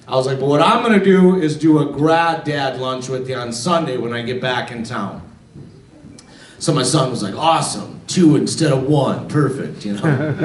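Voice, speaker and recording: A man in his forties performs stand-up comedy on a theater stage, telling stories in a conversational way. His voice sits a bit high for a man. The sound is roomy and a bit distant, like a theater recording. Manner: conversational storytelling, acts out family dialogue. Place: theater stage with a live audience.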